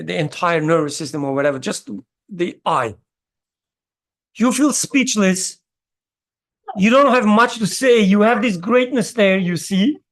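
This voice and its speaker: A mid-pitched voice, neither high nor low, talks through an idea in a religious study circle. The speaker stops often with fillers and searches aloud for the right word. They pose questions to the group and then answer them. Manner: halting, searches for words, many fillers; questions the listeners and answers itself.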